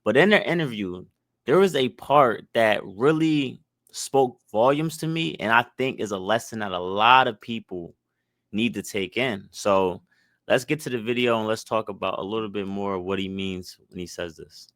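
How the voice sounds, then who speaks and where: A man's voice: fairly low pitch, moderate pace, fairly bright tone, no room sound, studio quality. A man hosting his channel, reacting to an interview clip in a loose, reflective way, with lots of fillers. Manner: loose, reflective, full of fillers like "like" and "mind you". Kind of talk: commentary on a video.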